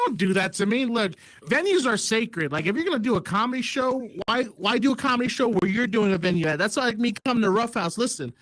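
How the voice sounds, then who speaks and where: A man's voice: very high voice, lively intonation, a little fast, few pauses, fairly bright tone. A man, a stand-up comedian co-hosting a podcast, talking in a laid-back, profane way full of slang. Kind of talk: casual chat.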